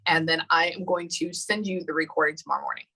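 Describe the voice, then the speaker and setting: A woman giving a casual live reading, often pausing and dropping into soft whispers. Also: sits low, fairly even intonation, vocal fry, husky, poor audio. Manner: casual, pauses often with "hold on" and drops to whispers. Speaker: psychic medium.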